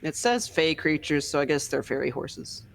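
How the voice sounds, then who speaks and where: A woman's voice: low voice, lively intonation, moderate pace, gravelly, slight background noise. Casual woman player at a tabletop game. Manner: casual, unsure about rules.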